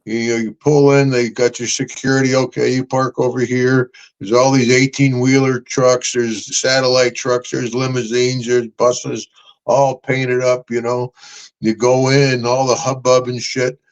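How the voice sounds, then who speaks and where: A man's voice: medium pitch, little pitch movement, a little slow, low-quality recording. An older man hosting a podcast, rambling through stories with laughs and calling people brother and man. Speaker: podcast host. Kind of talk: casual storytelling chat.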